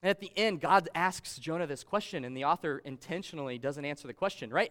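A man's voice: fairly high pitch, expressive, fairly quick, hardly any pauses, a bit bright. Man preaching a conversational sermon. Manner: conversational preaching, reads scripture aloud, dynamic emphasis. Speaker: pastor.

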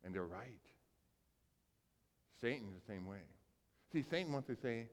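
A man preaching a sermon as pastor, telling a story with animated acting-out of characters and big swings between loud and soft. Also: medium pitch, measured pace, long pauses. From grew up on a small farm. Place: church sanctuary. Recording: long hall reverb.

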